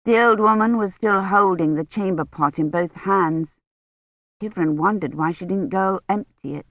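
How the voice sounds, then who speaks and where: An audiobook narrator reading a story in a measured, even storytelling manner. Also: mid-range voice, dry recording. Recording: dull, lo-fi dry recording.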